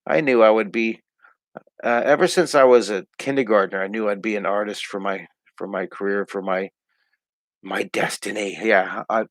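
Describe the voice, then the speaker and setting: A man's voice: medium pitch, no room sound. Upbeat middle-aged man teaching drawing. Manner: upbeat, chatty, talks through each pencil stroke. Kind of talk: live online drawing lesson. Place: at home.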